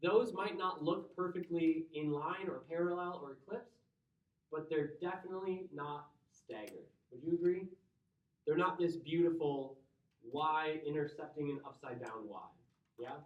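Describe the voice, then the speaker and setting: A man's voice: a little high, measured pace. A man with a Midwestern accent teaching a chemistry class, explaining step by step and checking in with his students. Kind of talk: classroom lecture. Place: lecture classroom. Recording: roomy, dull lo-fi classroom recording.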